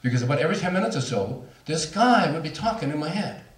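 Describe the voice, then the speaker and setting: A man's voice: on the high side, very animated, fast. A middle-aged man speaking to an audience, telling a personal story in a candid, self-mocking way with laughs. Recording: roomy hall, voice from far off.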